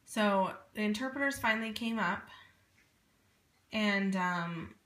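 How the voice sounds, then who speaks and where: A woman's voice: medium pitch, takes it slowly. Earnest woman telling a story, echoey room. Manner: earnest, animated, many asides. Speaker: parent telling a personal story. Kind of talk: casual first-person storytelling.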